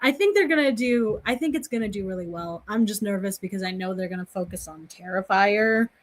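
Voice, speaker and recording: A woman's voice: medium pitch, fairly quick, no echo. Woman, podcast guest, chatty, laughs often, dry sound. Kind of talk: casual podcast chat.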